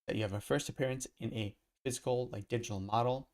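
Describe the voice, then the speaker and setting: A crypto collectibles streamer talks casually on a live stream from his computer, rambling and thinking out loud. His medium-pitched, darkish voice moves fast with fairly even intonation, picked up by a desk mic.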